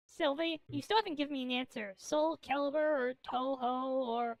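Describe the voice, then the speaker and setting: A woman's voice: sits high, normal speed, creaky, hardly any pauses, dry recording, rough recording. A woman VTuber chatting casually on a gaming stream, rambling in a manic, jokey way and swearing now and then.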